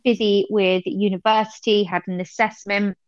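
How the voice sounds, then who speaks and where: A woman's voice: medium pitch, level tone, normal speed, no room sound. A woman from England co-hosting a podcast, chatting and teasing her friend in a playful way. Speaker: podcast co-host. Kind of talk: casual chat. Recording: dull, dry remote call audio.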